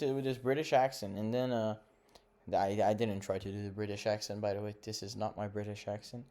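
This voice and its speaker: A man's voice: lowish voice, level tone, brisk, mellow. A young man hosting a casual fight recap, rambling, correcting himself and giving blunt opinions. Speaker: MMA podcast host.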